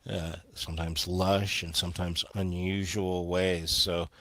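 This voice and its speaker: A man in a casual interview, explaining in a measured way with fillers and restarts. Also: low-pitched, level tone, a bit bright, no room sound. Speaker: guest, earth energy researcher.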